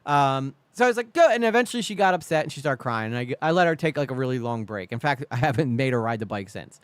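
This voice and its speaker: A man's voice: mid-range voice, animated, fast talker, smooth, no echo. A man streaming live, reacting to a video with indignant, profane rants.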